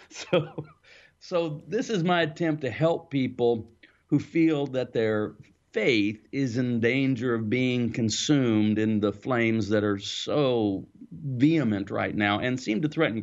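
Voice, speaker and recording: A man, an author being interviewed, explaining his ideas in a thoughtful, storytelling way with the odd soft laugh. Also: medium pitch, measured pace, dull audio. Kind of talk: reflective interview answers.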